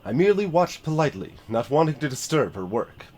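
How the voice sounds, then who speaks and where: A man's voice: a little high, big pitch swings, a little fast, a little mellow. A man streaming a story game, reading its narration aloud and chatting in a self-deprecating way.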